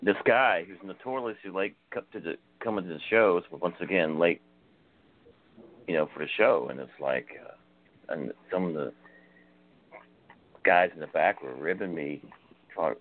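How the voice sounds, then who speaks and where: A man telling a story in an animated way, chuckling between lines. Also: low voice, normal speed, long pauses. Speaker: guest storyteller. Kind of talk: casual storytelling. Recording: tinny phone-like sound.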